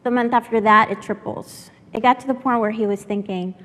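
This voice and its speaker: A woman from San Antonio, Texas, telling a personal story as a workshop speaker. She speaks from the heart and pauses with fillers. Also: fairly high pitch, fairly even intonation, a bit bright, long reverb tail. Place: lecture room at a workshop.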